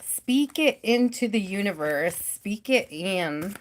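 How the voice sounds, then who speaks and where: A woman's voice: medium pitch, expressive, takes it slowly, slight background noise. A middle-aged woman hosting a live tarot reading, chatting in an easygoing way with mild swearing. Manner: chatty, easygoing, mildly profane.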